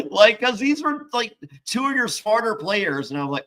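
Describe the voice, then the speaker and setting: Bright-voiced joking man host. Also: high voice, sing-song, normal speed, few pauses. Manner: jokey, recaps scenes in mimicked quotes. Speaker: podcast host. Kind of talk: casual recap chat.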